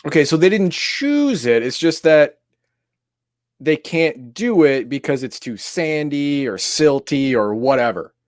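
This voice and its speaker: A man's voice: on the high side, lively intonation, unhurried, dry recording. A man co-hosting a tabletop game livestream, chiming in with short agreements and dry quips. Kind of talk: casual chat.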